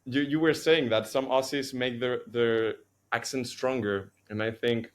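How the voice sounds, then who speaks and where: A man's voice: mid-range voice, fairly even intonation, measured pace. A man from Chile with a Chilean accent, Spanish his first language, co-hosting a casual podcast chat and telling stories earnestly, with frequent restarts. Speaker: podcast co-host.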